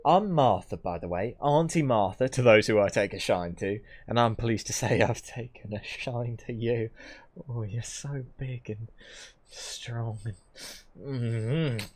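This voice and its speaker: A man's voice: medium pitch, unhurried, a little mellow, lightly acted. A man voicing a sweet, chatty old country grandmother with a West Country accent, fussing and motherly. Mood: cheery fussing. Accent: West Country English. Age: older. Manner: chatty, fussing, sing-song.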